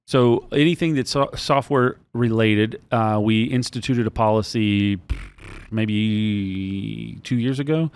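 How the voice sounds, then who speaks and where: A man's voice: on the low side, smooth, no room sound. A man co-hosting a business podcast who explains his ideas step by step and acts out the things people say. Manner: explanatory, measured, acts out quotes. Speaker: podcast co-host. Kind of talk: casual business chat.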